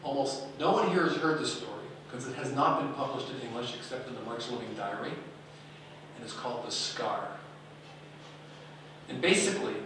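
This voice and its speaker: A man telling a story in a dramatic, animated way, his pitch rising and falling a lot. He sounds far from the mic in a large, echoing hall, with faint room noise behind him. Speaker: speaker. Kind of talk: storytelling talk.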